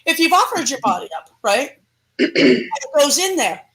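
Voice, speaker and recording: A female paranormal investigator, a guest in a casual interview, talks emphatically and animatedly, laughing often. Her voice is high, her pace normal, and the recording is rough.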